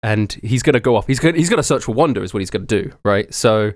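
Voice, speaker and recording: A man narrating a tabletop game as game master, lively and laughing often. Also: on the low side, fast, dry recording, studio quality.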